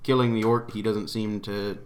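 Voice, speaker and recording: A man's voice: lowish voice, little pitch movement, moderate pace, slight background noise. A man playing a tabletop game, explaining his moves hesitantly with many fillers and some laughter. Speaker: player.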